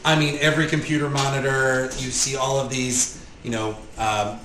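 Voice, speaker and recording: A man's voice: mid-range voice, level tone, normal speed, background noise. Man narrating as game master, roomy sound.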